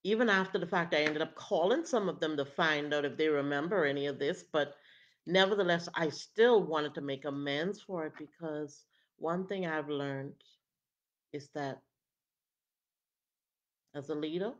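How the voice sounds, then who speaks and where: Woman, low voice, testimony storytelling, dull lo-fi recording. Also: normal speed. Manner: animated, acts out the other people's lines. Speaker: prophetess.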